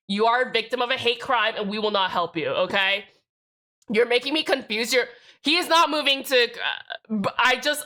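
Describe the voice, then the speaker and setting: A woman's voice: on the high side, pushed and bright. A young woman streamer chatting casually with her viewers, sassy and profane, joking through everything. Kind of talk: casual live-stream chat.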